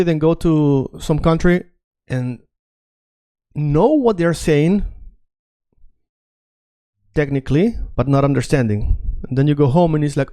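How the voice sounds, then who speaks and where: Guy teaching online, kinda high voice, rambles and repeats stuff. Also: dark tone. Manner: chatty, digresses, repeats phrases while writing on screen. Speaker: Spanish teacher. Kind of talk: casual online language lesson.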